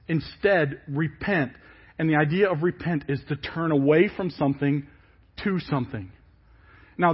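A man preaching a sermon, emphatic and falling quiet at the ends of phrases. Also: on the high side, slightly rough. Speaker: pastor. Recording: dull lo-fi church service audio.

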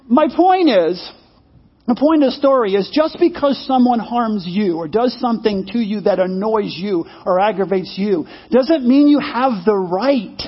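A male preacher delivers a sermon like a conversation, weaving in a story and asking his listeners questions. His voice is very high and husky. The recording sounds slightly muffled. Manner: conversational, repeats phrases, asks the audience.

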